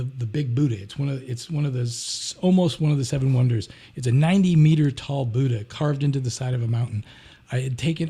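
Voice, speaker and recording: A man, a podcast guest, telling travel stories in a lively way, slipping into sung and acted quotes. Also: a little high, breathy edge. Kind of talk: animated storytelling.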